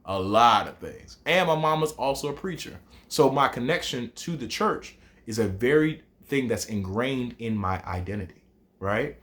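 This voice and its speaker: Animated Southern man teaching a class. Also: mid-range voice, moderate pace. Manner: animated, rhythmic, addresses viewers directly. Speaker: teacher, host of the show. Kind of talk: lively hip hop lesson for students.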